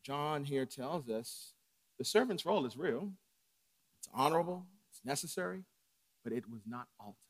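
A man preaching a sermon from the pulpit, dropping to hushed lines and climbing to shouts. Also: fairly high pitch, expressive, moderate pace. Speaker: pastor. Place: church sanctuary.

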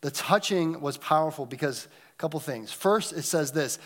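Guy preaching a sermon, kinda high voice, gets loud then drops to a near whisper. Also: lively intonation, moderate pace, hardly any pauses. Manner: dynamic preaching, swings between loud emphasis and hushed near-whispers. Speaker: pastor.

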